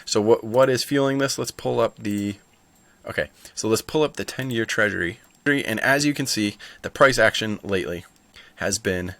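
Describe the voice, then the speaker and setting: A man's voice: fairly low pitch, normal speed, gravelly, fairly bright tone, dry recording. A man hosting a stock market video, chatting casually and thinking aloud with asides. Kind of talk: casual market commentary to camera.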